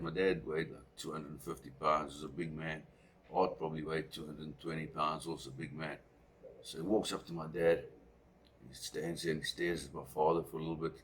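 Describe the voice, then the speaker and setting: A man's voice: very deep voice, husky. A man from South Africa telling a personal story in a rambling, conversational way with asides.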